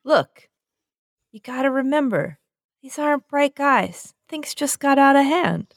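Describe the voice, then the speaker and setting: A woman in casual chat, telling a story eagerly and acting out the scenes with quick laughs. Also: high voice, animated, no echo, clean studio sound. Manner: enthusiastic storyteller, laughs easily, acts out movie scenes.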